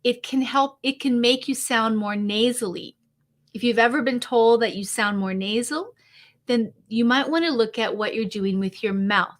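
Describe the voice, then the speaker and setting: A woman's voice: fairly high pitch, normal speed. A woman speaking coach hosting a weekly video tip, talking straight to the viewer in an upbeat, conversational way. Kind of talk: direct-to-camera coaching tip.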